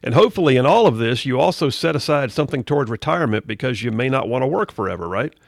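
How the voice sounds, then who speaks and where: This is a middle-aged radio host with a creaky, gravelly voice of medium pitch, giving a folksy, conversational monologue in the studio that drifts toward preachy asides. He's expressive and quick. There's no room sound at all, just a dry, close recording.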